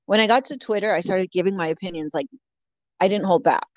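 A woman's voice: medium pitch, quick pace, no echo. A woman from California telling a story in casual chat, bluntly, with lots of swearing and "like" fillers. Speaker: guest. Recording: dull lo-fi dry audio.

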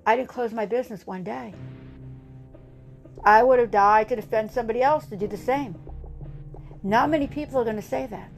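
Woman, fairly high voice, impassioned political monologue, emphatic, repetitive, grave warnings, faint music behind. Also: a little fast, pauses often. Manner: emphatic, rousing, repeats lines for effect.

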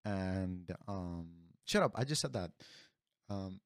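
A man's voice: low voice, animated, takes it slowly, background noise. A young man telling a rambling, profane story in casual talk with friends, peppering it with "bro". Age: young adult.

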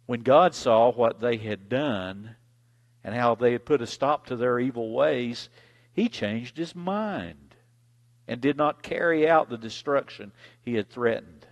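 Gravelly dramatic preacher man. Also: mid-range voice, expressive, unhurried, highs cut off. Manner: dramatic, dynamic delivery, big swings in loudness. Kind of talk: sermon with scripture reading.

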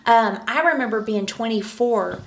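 Chatty woman co-hosting a podcast, slightly high. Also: moderate pace. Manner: chatty, guides the topic with questions, laughs easily. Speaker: podcast co-host. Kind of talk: casual podcast conversation.

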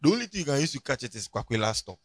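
A man's voice: mid-range voice, very fast, dry recording. A man preaching a sermon as pastor, joking and calling on the congregation to turn to their neighbors. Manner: animated, joking, calls on the congregation.

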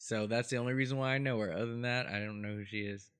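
A man's voice: medium pitch, steady tone, a bit bright, smooth. Playful man co-hosting a chatty podcast. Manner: playful, laughs often, quick bursts. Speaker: podcast co-host. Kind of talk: casual chat.

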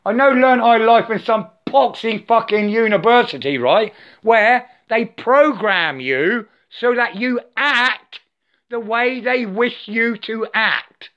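A man's voice: very high voice, slow pace. Ranting older man, lo-fi. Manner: profane, repetitive, preachy, says "I" for "my". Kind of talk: angry ranting monologue. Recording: dull lo-fi sound.

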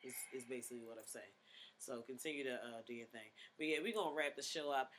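A man's voice: mid-range voice, quick pace, fairly bright tone, slight background noise. A man hosting a podcast in casual chat, laid-back, rambling and profane. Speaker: podcast host.

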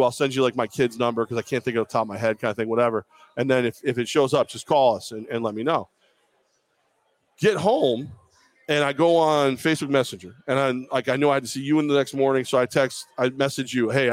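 A man co-hosting a live show at a bar, spinning a rambling, self-deprecating story in casual chat. His voice sits in a middle register and sounds dry and close, with no room echo. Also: medium pitch. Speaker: podcast co-host.

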